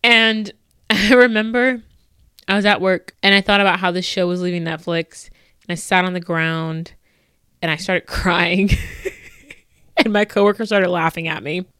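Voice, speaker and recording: A woman's voice: on the low side, normal speed, long pauses, clean tone, no echo. Young woman chatting solo on her podcast, fangirling and laughing a lot, clean dry mic. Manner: gushing, laughing, animated fangirling. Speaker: podcast host. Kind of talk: casual solo podcast chat.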